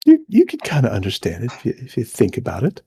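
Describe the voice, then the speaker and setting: A man narrating as game master of an online tabletop game, halting and restarting as he describes the scene. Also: mid-range voice, wildly swooping pitch, creaky, warm tone, slightly rough.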